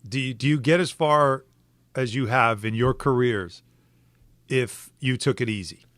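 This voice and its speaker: A middle-aged man hosting a sports talk show, questioning his co-hosts in an animated way with frequent restarts. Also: mid-range voice, measured pace, dry recording, studio quality. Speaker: sports radio host. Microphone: studio microphone.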